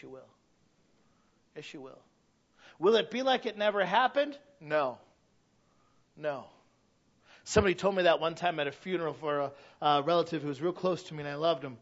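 Bright high-voiced impassioned man preaching. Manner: impassioned, swings from hushed to loud, repeats phrases. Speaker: pastor. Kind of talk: sermon. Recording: dull lo-fi recording.

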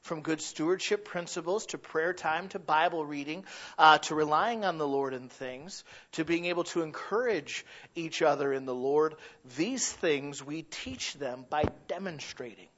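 A man's voice: on the high side, normal speed, fairly bright tone. A middle-aged man preaching a sermon in an earnest, conversational way, often restarting his sentences. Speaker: pastor. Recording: dull lo-fi recording.

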